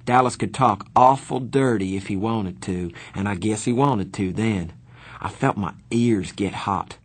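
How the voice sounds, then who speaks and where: A man narrating a novel in the first person, earnest and measured. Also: fairly low pitch, breathy edge. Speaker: audiobook narrator.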